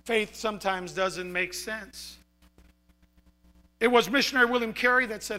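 High-voiced, fiery man preaching. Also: moderate pace, long pauses. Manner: animated, shouting for emphasis, then dropping quiet. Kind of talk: sermon.

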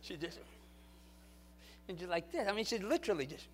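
High-voiced man preaching with fervor. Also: fairly quick. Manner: animated preaching that swings from quiet storytelling to loud exhortation. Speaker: pastor. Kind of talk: storytelling sermon.

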